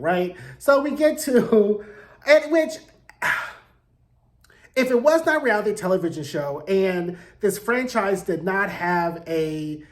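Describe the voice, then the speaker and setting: A man in his forties giving a casual recap of a TV episode, sassy and profane, peppered with "like" and "right?". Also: high voice. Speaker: TV recap host. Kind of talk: casual review commentary.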